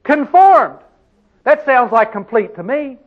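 A man's voice: very high voice, sing-song, slow, dull audio. A man preaching a sermon, emphatic, putting questions to his congregation and answering them himself.

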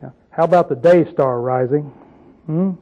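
A fairly high-pitched, mellow male voice at a moderate pace, heard on audio with the highs cut off. In a loose, conversational Bible lesson he keeps asking the crowd questions and telling down-home stories along the way.

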